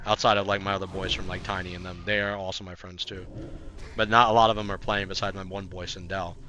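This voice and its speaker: Bright-voiced, laid-back male gaming streamer. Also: sits low, little pitch movement, fast talker, slight background noise. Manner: laid-back, swearing, rambling with many fillers; bursts into frantic yelling during fights. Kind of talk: casual live-stream chat while gaming.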